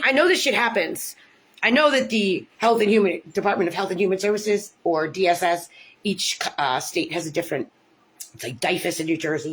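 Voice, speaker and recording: Swearing, indignant American woman ranting. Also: a bit bright. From United States. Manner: swears often, repeats "like", pitch leaps when indignant. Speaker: parent telling about her court case. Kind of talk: angry personal rant to camera.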